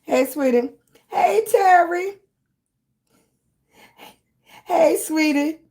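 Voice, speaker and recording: A woman's voice: very high voice, slow pace, darkish tone. A middle-aged woman hosting a casual live stream, chatting with viewers and greeting them with pet names like baby and sweetie. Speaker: livestream host.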